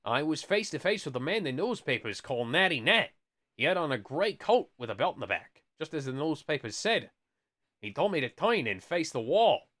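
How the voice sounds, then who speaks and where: A man's voice: on the high side, bright, forceful tone. A man voicing a middle-aged shopkeeper telling about a robbery, read nearly in his own voice.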